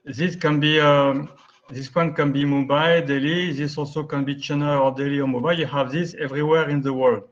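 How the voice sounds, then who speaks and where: A man's voice: a little high, fairly even intonation, moderate pace, dull audio. A man from France with a French accent, giving a webinar lecture, explaining step by step and often correcting himself. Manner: explanatory, with frequent restarts and self-corrections. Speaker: guest speaker, architect.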